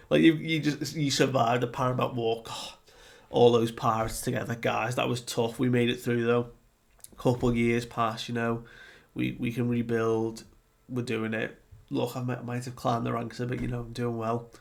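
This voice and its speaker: A man's voice: mid-range voice, little pitch movement, a little slow, gravelly. A man hosting a casual comic review, laid-back, laughing often and acting out scenes.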